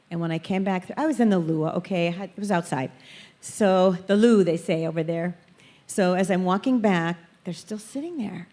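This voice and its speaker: Woman, church speaker, warm dark tone, animated storytelling, acts out voices. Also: fairly low pitch. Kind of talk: storytelling testimony talk.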